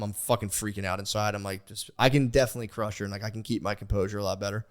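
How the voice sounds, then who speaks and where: A young man on a podcast, rambling in casual chat, animated, swearing freely and restarting his sentences. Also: lowish voice, fast, hardly any pauses. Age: young adult. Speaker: podcast host.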